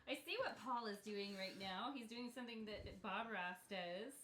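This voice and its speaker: A woman's voice: medium pitch, animated, moderate pace, a bit bright, slight background noise. A woman teaching a step-by-step painting lesson in a casual, chatty way, laughing often. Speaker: painting instructor. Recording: echoey room.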